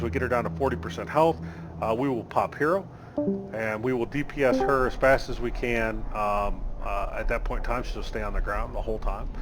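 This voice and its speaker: A man's voice: mid-range voice, noisy background. A man leading a raid over voice chat. He explains the fight bluntly, swears, and is losing his voice. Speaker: raid leader.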